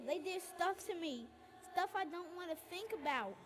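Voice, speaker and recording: A woman's voice: very high voice, animated, moderate pace, big-room sound, slight background noise. An eerie ghost boy. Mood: creepy.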